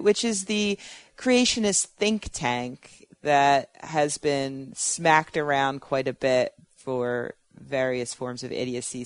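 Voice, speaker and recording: A woman's voice: a bass voice, dry recording. A woman co-hosting a podcast in casual panel chat, talking in a chatty, sardonic way and laughing often. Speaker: podcast co-host.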